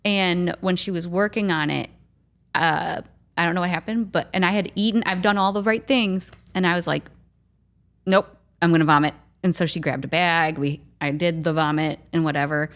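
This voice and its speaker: A woman's voice: on the low side, fairly even intonation, moderate pace, a bit bright. A woman with a Midwestern American accent co-hosting a podcast, chatty and self-deprecating as she tells stories. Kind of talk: casual podcast conversation.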